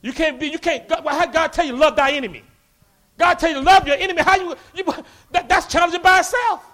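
A man preaching a sermon, animated, acting out quoted voices and breaking into shouts. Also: extremely high pitch, fast.

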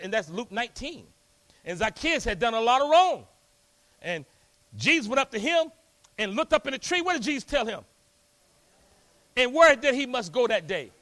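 A man preaching in a church, his voice fairly high for a man and swinging widely from booming peaks to hushed lows. He talks in a folksy, rousing style and keeps calling back to the congregation. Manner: folksy, rousing, call-and-response. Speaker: pastor. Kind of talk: lively sermon. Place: church hall.

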